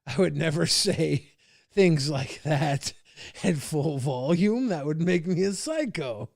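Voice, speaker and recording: Drunk rambling man with a gravelly voice. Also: a little high, lively intonation, slow pace, darkish tone, no echo, studio quality. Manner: crude, rambling, mock-insulting. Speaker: streamer host. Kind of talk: drunk casual livestream chat.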